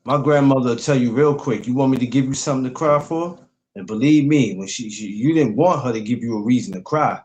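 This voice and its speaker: A man's voice: mid-range voice, a little fast, darkish tone. Blunt, laid-back male podcast host. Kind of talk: casual chat.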